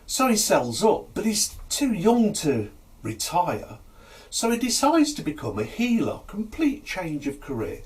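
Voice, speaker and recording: A man's voice: sits high, measured pace, distant mic. A man, chattily telling jokes to camera in a casual, storytelling way. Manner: chatty, lively, chuckles at own jokes.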